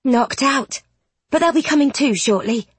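A woman's voice: a little high, brisk, breathy edge, no room sound, pitched above the performer's own voice. A woman voicing a blunt, proud country nun who speaks plainly and drops her letters. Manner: rustic dropped-letter speech.

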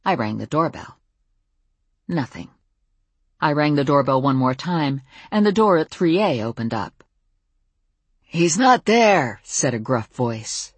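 A woman's voice: low voice, breathy edge, dry recording. A woman narrating a first-person novel in a wry, conversational way. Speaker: audiobook narrator.

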